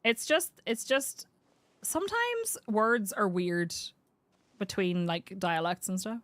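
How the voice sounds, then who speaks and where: A woman with a Northern Irish accent chats away to her stream while she plays, self-mocking and easily amused. Her pitch swoops up and down with lively energy. She talks at a middling pitch, like a relaxed live-streamer. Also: slow. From Northern Ireland. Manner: chatty and self-mocking, answers chat, laughs often. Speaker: game streamer. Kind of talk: casual live-stream chat while playing.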